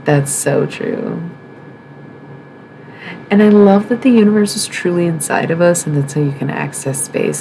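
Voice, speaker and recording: Low-voiced frank Midwestern woman streamer. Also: measured pace, vocal fry, long pauses, background noise. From American Midwest. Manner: frank and emphatic, swearing, rhetorical questions. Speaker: livestream host. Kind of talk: casual livestream monologue.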